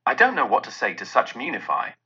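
A man voicing a portly old gentleman who speaks in astonished, flustered exclamations. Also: mid-range voice, huge pitch swings, a little fast, breathy edge, muffled recording, full character voice.

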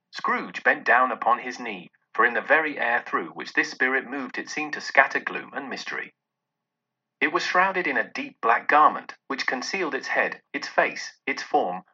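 In dramatic storybook style, a man narrates a classic tale with theatrical expressiveness. His husky voice is also bright and piercing, and his pitch swings widely. The recording sounds dull and lo-fi.

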